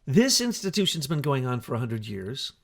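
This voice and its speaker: A man co-hosting a talk show, talking in an animated, emphatic way with rhetorical questions. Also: medium pitch, normal speed, vocal fry. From United States. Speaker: co-host. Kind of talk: conversational talk show discussion.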